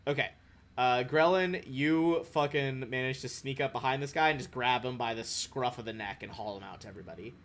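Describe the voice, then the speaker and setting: A man's voice: medium pitch, a little fast, a bit bright. A man narrating as game master in a casual, swearing way. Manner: casual, laughing, swears freely. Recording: faint background noise.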